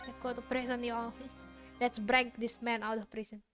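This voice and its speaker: A woman's voice: a little high, flat delivery, normal speed. A woman streaming a game, chatting casually and giggling often. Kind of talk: casual gaming commentary. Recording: game music underneath.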